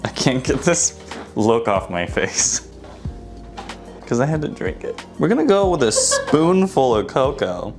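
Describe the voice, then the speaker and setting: A man's voice: medium pitch, sing-song, measured pace, over music. A young man, joking and laughing through a homemade cooking vlog in his kitchen. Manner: playful, self-mocking, laughs often. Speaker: vlogger. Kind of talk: casual comedic cooking vlog. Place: home kitchen.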